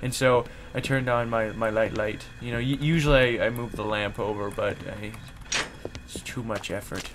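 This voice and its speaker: A young man commenting on a horror game he plays in his room, easily startled and swearing, yelling at noises. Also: on the low side, fairly even intonation, normal speed, noisy background. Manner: jumpy and profane, yelling at loud noises. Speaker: gaming let's play host. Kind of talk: let's play commentary. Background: game music.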